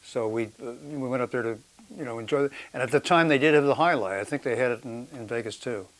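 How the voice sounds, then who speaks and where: A man's voice: medium pitch, fast talker, a bit bright. A man telling a travel story in an interview, casual with fillers. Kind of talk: interview recollection.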